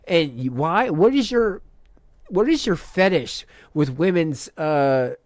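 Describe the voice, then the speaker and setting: A man's voice: fairly high pitch, expressive, slow pace, dry recording, studio quality. Angry mocking man ranting. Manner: profane, mocking, exasperated. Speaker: commentary channel host. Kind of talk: angry reaction rant.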